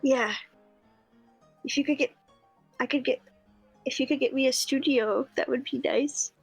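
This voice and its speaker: A young woman playing in a tabletop game, giggly and answering quickly in character. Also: high-pitched, fairly even intonation, gravelly, breathy edge, no room sound, faint music behind, low-quality recording. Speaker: player. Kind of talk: tabletop role-play.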